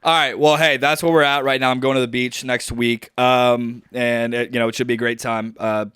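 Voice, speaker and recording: A young man co-hosts a podcast from home, rambling and joking with plenty of fillers. His voice is smooth and clear at a middle pitch. The sound is dry and close to the mic. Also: little pitch movement, normal speed, fairly bright tone, no echo. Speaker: podcast co-host. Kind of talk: casual podcast chat. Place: at home on a video call.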